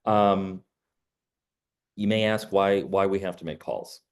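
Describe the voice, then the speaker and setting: Deep-voiced middle-aged man, chatty. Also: steady tone, slow pace, clean tone. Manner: conversational, many "you know" fillers. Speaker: realtor. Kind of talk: training talk with personal stories.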